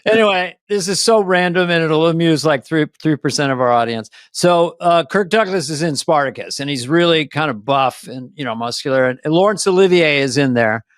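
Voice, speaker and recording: A man's voice: fairly high pitch, lively intonation, fairly quick, few pauses, no echo, studio quality. A man hosting a podcast, asking eager questions and trading stories in casual chat. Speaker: podcast host.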